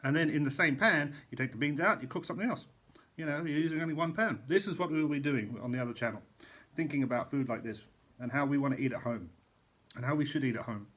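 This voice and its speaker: A man's voice: on the high side, quick pace, a bit bright. A middle-aged man, a chef, chatting casually in a vlog from a hotel room, rambling and eating as he talks. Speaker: chef vlogger.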